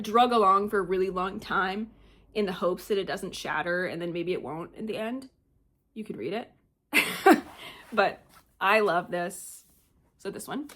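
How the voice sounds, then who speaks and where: A young adult woman chatting casually as a book vlogger, bubbly and gushing, rambling with lots of fillers. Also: mid-range voice. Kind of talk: casual chat.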